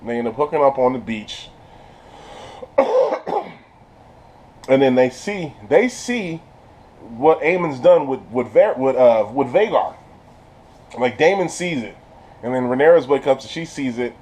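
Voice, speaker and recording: A man casually recapping a TV episode in an animated, slangy way, laughing often and restarting his sentences. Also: mid-range voice, unhurried, long pauses. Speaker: channel host reviewing a TV episode.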